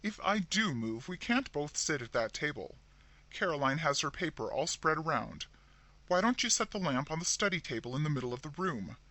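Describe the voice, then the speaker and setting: A man's voice: on the high side, big pitch swings, moderate pace, bright, forceful tone, no echo, full character voice. A man voicing a placid, fussy middle-aged woman who becomes horror-struck and shrieks. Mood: impatient. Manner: fussy, then shrieking in alarm.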